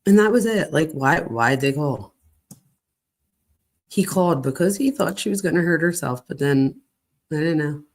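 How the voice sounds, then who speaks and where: A woman's voice: sits low, animated, moderate pace, pauses often. A woman hosting a casual commentary, chatting and reacting aloud as she reads through documents. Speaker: host.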